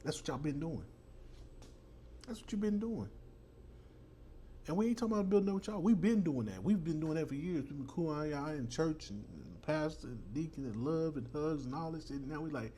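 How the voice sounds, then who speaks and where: A man's voice: fairly high pitch, lively intonation, brisk, mellow, a little hiss or hum. A man hosting a heated commentary, talking bluntly and mockingly with plenty of profanity. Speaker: host.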